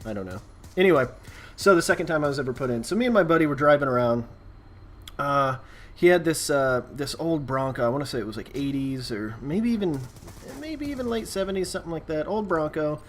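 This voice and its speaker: A man's voice: fairly high pitch, expressive, brisk. A man telling a story in a casual, rambling style, with lots of fillers and asides, as a gaming video host. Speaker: gaming YouTuber. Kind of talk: casual storytelling over gameplay.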